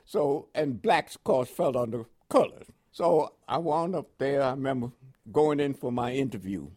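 In an oral history interview, an older army veteran from Panama recounts his army years in a mid-range voice at a moderate pace. His New York accent carries West Indian inflections. He's an animated storyteller, laughing now and then and quoting dialogue.

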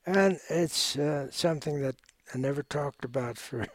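An older man, a war veteran, speaking in an oral history interview in a measured, reflective way with frequent pauses and fillers. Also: a little high, dry recording.

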